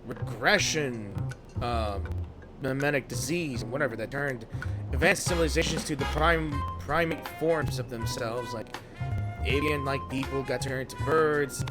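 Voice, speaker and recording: A man casually commenting on a video game he plays, rambling with chuckling asides, on a headset mic. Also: fairly high pitch. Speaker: gaming streamer. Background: game music.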